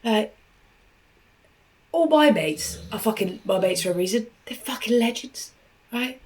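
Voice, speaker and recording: A woman's voice: a little high, animated, measured pace, darkish tone, low-quality recording. A British woman hosting a podcast, reacting to a clip in blunt, crude, chatty talk full of swearing. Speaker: podcast host. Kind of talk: crude casual reaction commentary.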